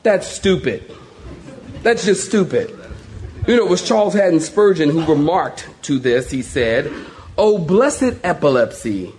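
A man's voice: a little high, animated, a little slow, a little mellow, a little hiss or hum. A male pastor preaching a sermon, telling stories with animation, laughter and acted-out voices.

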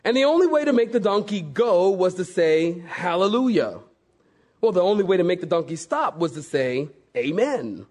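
A male preacher delivering a sermon, lively and jokey, spinning stories for his congregation. His voice sits high for a man. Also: normal speed. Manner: animated, jokey storytelling.

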